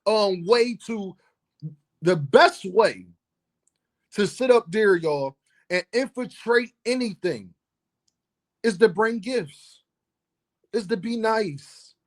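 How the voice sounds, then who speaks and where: Host: Philly man, high voice, playful, teasing, chatty vlog delivery. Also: animated, slow pace, pauses often. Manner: playful, teasing, laughs often, addresses viewers as y'all. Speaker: boxing commentary host. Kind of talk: casual vlog commentary.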